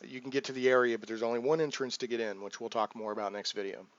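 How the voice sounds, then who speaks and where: A man's voice: mid-range voice, quick pace, no echo. Guy rambling about his game, muffled lo-fi mic. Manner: rambling, full of restarts and fillers, acts out players' lines. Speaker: game master, channel host. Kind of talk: casual talk about running a tabletop game. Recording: dull muffled sound, dry.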